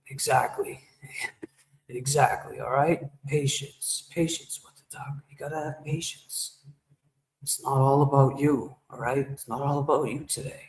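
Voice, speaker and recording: A man livestreaming and chatting casually with viewers, rambling and joking as he talks back to the chat. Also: medium pitch. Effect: shower-like echo effect. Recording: echoey reverb effect on voice.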